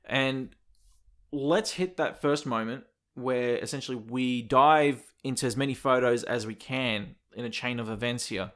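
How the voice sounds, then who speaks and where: A man co-hosting a casual gaming podcast, animated and swearing freely as he acts out quotes. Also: mid-range voice, unhurried. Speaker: podcast co-host.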